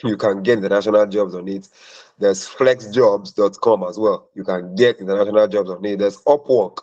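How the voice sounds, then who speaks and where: A man's voice: on the low side, steady tone, normal speed, warm tone, lo-fi sound. A man talking as a career mentor in a question-and-answer session, emphatic and preachy, repeating points for stress.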